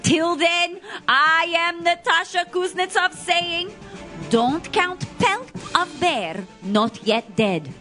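A woman playing a game-show hostess with a put-on Russian accent and broken English, high, swooping and slow. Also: animated, sharp tone, faint music behind, exaggerated voice. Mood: grandiose. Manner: broken English, theatrical, drawn-out. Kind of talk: comedy sketch.

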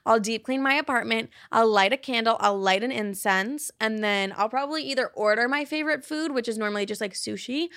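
A woman's voice: a little high, a little fast, few pauses, a bit bright, dry recording, studio quality. A young woman in her twenties hosting a podcast, chatting casually and swearing freely, with lots of likes and some laughter. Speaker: podcast host. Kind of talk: casual chat. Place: apartment in a big US city.

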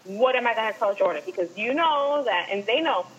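A woman chatting casually, telling an excited, animated story. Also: fairly high pitch, a little fast. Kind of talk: casual chat. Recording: dull lo-fi line with faint noise.

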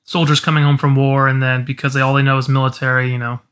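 A man's voice: mid-range voice, flat delivery, fast, a bit bright, clean tone. A man co-hosting a casual podcast, talking earnestly and filling his speech with "you know.". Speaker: podcast co-host. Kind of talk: casual chat.

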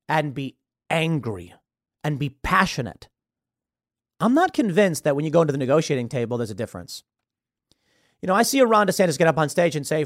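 A podcast host delivers opinionated political commentary, animated and quick to slip into voices. His voice sits fairly high for a man, recorded dry and close in a studio. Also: dry recording. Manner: opinionated, animated, slips into impressions.

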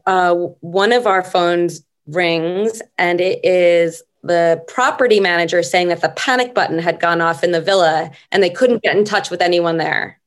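A middle-aged woman talks as a guest on a podcast in a casual interview. Her voice sits a little low, and she tells her stories in an unhurried, reflective way.

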